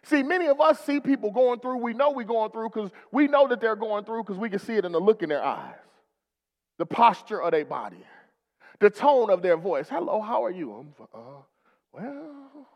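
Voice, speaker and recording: A man's voice: sits high, expressive, moderate pace, in a large hall, dull audio. A male pastor preaching a rousing sermon in a church, calling for responses from the congregation.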